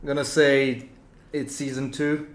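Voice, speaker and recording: A man's voice: mid-range voice, flat delivery, measured pace, roomy sound, a loud crowd. A man taking part as a quiz contestant, joking and laughing and a little flustered. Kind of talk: casual chat in a quiz game.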